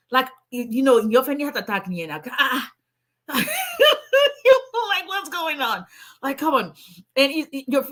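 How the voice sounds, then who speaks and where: Woman attorney, chatty livestream host, bright tone, laughs easily with her viewers. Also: a little high. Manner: chatty and playful, laughs often, greets viewers by name. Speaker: immigration attorney. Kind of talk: casual livestream chat with viewers.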